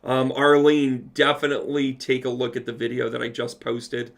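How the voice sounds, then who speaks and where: A man with a gravelly, creaky voice at an ordinary middle pitch hosts a loose livestream Q&A. He reads viewers' comments aloud and chats back to them with quick, playful asides. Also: completely flat delivery. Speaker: medium answering live chat questions. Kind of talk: casual livestream Q&A.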